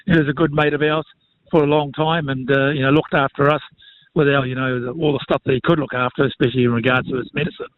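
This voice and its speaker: A man, a former rugby player speaking reflectively and haltingly in an interview. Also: mid-range voice, fairly even intonation, a little hiss or hum. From New Zealand. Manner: reflective, halting, many fillers. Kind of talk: casual interview. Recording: phone-like thin sound.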